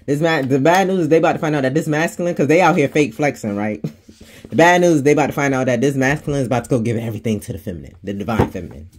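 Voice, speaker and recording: A man's voice: medium pitch, lively intonation, rapid-fire, breathy edge. A man giving a casual tarot reading, chatty and slangy, laughing often and swearing freely. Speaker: tarot reader.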